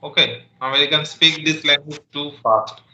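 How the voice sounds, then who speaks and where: A man from India, a guest in a casual conversation, who often fills his pauses with "okay". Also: a little high, fairly even intonation, bright, forceful tone, roomy sound, lo-fi sound. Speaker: podcast guest.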